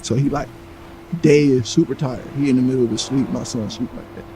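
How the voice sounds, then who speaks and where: Male storyteller, casual and animated, mellow low-bright tone, light background hiss. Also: a little fast, rough recording. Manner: animated, acts out quoted lines, heavy profanity.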